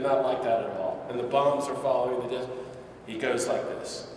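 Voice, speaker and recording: A man's voice: medium pitch, fairly even intonation, normal speed, darkish tone, a little hiss or hum. A middle-aged man, a priest, telling stories to a church audience with impassioned, building emphasis. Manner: impassioned, rising to emphatic peaks. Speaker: priest giving a talk. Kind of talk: church talk, storytelling. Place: large church hall. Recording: echoey church hall, distant mic.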